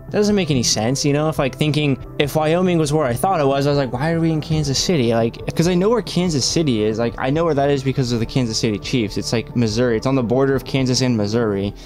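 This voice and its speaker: A man's voice: medium pitch, fast, few pauses, darkish tone, soft background music. A man hosting a reaction video, rambling in casual commentary, swearing often and filling his talk with "like".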